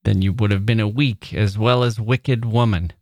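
A man reading the lines of a self-satisfied gentleman author, brisk and condescending. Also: fairly low pitch, fairly even intonation, no room sound, clean studio sound, lightly acted.

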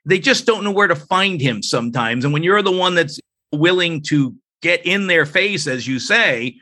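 A man, a guest author on a faith podcast, telling a personal story in an earnest, animated way and acting out what people said. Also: a little high, normal speed. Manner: earnest, animated, acts out quoted speech.

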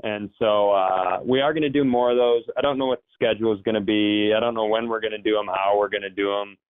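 A man's voice: on the low side, steady tone, quick pace, clean tone, no echo. Man, casual football talk, rambling and self-correcting, tinny phone-like sound, dry. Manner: rambling, self-correcting, jumps into quoted voices. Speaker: sports show guest. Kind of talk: casual sports chat.

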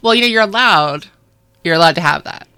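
A woman's voice: fairly low pitch, lively intonation, brisk, pushed and bright, clear, resonant tone. A woman co-hosting a podcast, rambling casually with fillers and laughs. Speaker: podcast co-host. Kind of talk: casual chat.

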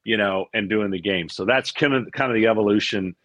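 A man in his fifties, a guest on an interview podcast, telling a long story in a casual, animated way and acting out what others said. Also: lowish voice, brisk, no echo. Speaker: interview guest, former pitcher.

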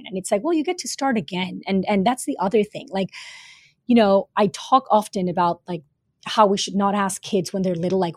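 Woman guest, former teacher, earnest and rambling, middle pitch, dry close mic. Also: a little fast, a little mellow, no room sound. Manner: earnest, many fillers and repeated words. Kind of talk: casual interview talk.

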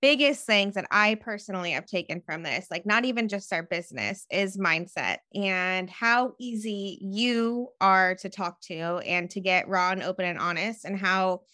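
A woman's voice: medium pitch, moderate pace, hardly any pauses, pushed and bright, no room sound, studio quality. A woman guest, a business owner and mother, speaking openly and heartfelt in a candid interview over a call. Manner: heartfelt, open, slightly giggly.

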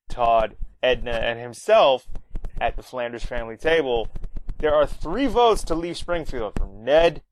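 A man talks through an episode recap in a loose, rambling way, leaning on lots of fillers. His voice sits at a middling pitch, with faint noise in the background. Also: poor audio. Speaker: podcast host recapping an episode.

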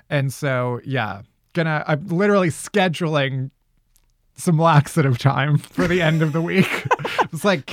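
A man's voice: on the high side, unhurried, dry recording, studio quality. A man hosting a podcast, chatting and joking with many "like" fillers. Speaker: podcast host. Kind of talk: casual comedic podcast chat.

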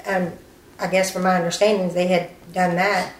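A woman's voice: lowish voice, flat delivery, normal speed. A woman telling the story of a family loss in an interview, reenacting what was said. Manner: tells events plainly, reenacting dialogue. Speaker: family member of victim. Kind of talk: personal account in interview. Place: family's home on location. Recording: echoey room, faint noise.

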